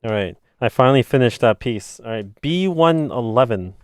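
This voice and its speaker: A man's voice: normal speed, no echo, studio quality. A man in his twenties chatting casually with viewers while building a model kit, telling stories and mimicking his friends. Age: 20s. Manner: animated storytelling, imitating friends in a higher voice, swearing. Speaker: streamer.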